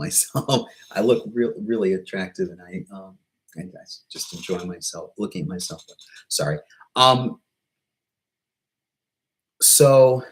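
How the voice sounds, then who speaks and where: A man talking in a casual vlog monologue, hesitant and halting, with many pauses, restarts and self-deprecating asides. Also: mid-range voice, poor audio. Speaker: YouTuber.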